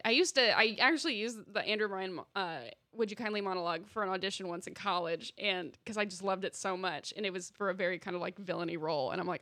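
Bright-voiced enthusiastic woman co-host. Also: medium pitch, quick pace, few pauses, no echo, studio quality. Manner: enthusiastic, gushing, lots of fillers. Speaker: podcast co-host. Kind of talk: casual chat.

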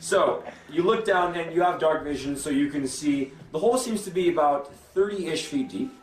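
A young man narrating a tabletop game as game master, stumbling over restarts and fillers. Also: fairly high pitch. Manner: halting, many restarts and fillers. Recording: echoey room with faint music.

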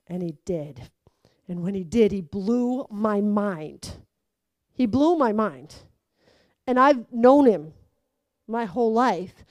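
A woman giving a conversational sermon, telling stories with lively acted-out quotes. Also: medium pitch, takes it slowly, pauses often, dry recording. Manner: animated storytelling, acts out quotes. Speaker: preacher.

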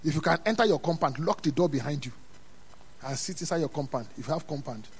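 A man preaching a sermon in a church, dropping to quiet asides and then rising to loud, emphatic calls. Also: on the high side, expressive, fast, breathy edge. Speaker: pastor.

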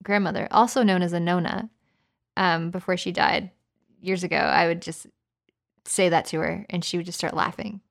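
A woman's voice: fairly low pitch, steady tone, normal speed, creaky. A woman co-hosting a podcast in casual chat, a playful, jokey storyteller who breaks into mock accents. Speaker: podcast co-host.

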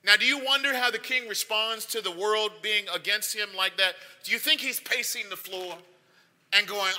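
Pastor, male, piercingly bright tone, conversational sermon building to emphatic repeats, reverberant sanctuary. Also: high voice, normal speed. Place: church sanctuary. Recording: long hall reverb.

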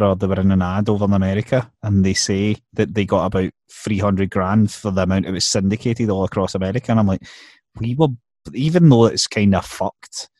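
A man's voice: lowish voice, darkish tone, no echo. A man chatting as a podcast co-host, with dry, teasing remarks. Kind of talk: casual banter.

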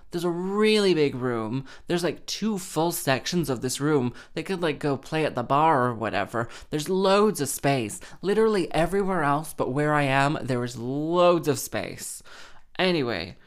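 A wedding harpist telling an exasperated, sweary, sarcastic story in casual rant style. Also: medium pitch.

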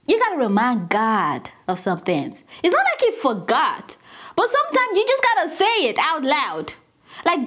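Woman preacher, casual sermon, high lively voice, chatty and direct with listeners. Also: unhurried.

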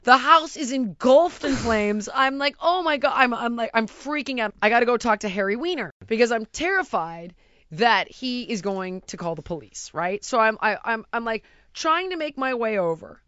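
A middle-aged woman telling a story in casual chat, animated and exasperated, acting out sounds and voices. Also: a little high, moderate pace, no room sound, lo-fi sound.

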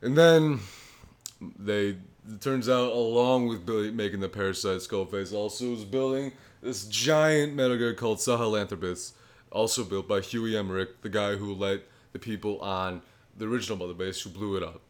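A man co-hosting a podcast, with a low voice, recapping a story in a rambling, profane casual chat. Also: moderate pace. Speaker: podcast co-host.

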